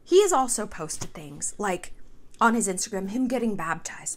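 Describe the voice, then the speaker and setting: A woman hosting a casual commentary video, sarcastic and profane, tossing in quick mock voices. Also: medium pitch, very animated, fairly bright tone. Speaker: commentary host.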